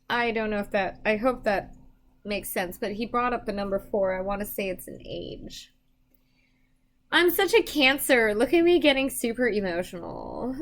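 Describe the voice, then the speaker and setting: Young adult woman, psychic reader, live-stream chat, emotional, laughs a lot, slightly high voice. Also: lively intonation, measured pace. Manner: emotional, chatty, laughs often, self-deprecating. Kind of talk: live-stream reading, casual chat to viewers.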